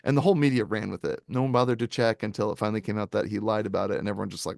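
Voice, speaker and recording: Rambling, animated male podcast co-host. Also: lowish voice, rapid-fire, vocal fry, dry recording, clean studio sound. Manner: rambling, animated storytelling with frequent fillers. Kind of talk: casual movie review chat.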